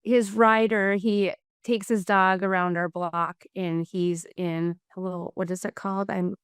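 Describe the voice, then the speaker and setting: Middle-aged woman, co-host, clear smooth voice, earnest and animated. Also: mid-range voice, measured pace, no room sound, clean studio sound. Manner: earnest, animated storytelling with "um" fillers. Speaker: podcast co-host. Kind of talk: casual faith-based chat.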